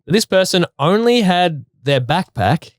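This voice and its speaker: A man co-hosting a casual chat show, retelling a listener's story in an animated way. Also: high-pitched, a little slow, no room sound, studio quality. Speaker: co-host.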